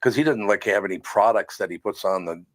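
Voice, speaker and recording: A man co-hosting a talk show, telling stories in a rambling, animated way. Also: lowish voice, quick pace. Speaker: radio show host. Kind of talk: casual chat.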